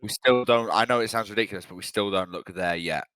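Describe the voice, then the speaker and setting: A young man talks football in a loose, rambling, sweary way. His voice sits low. It is recorded dry and close, with no room sound. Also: quick pace, pushed and bright, no room sound. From England. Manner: blunt, sweary, rambling fan talk. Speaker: podcast co-host. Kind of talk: casual football chat.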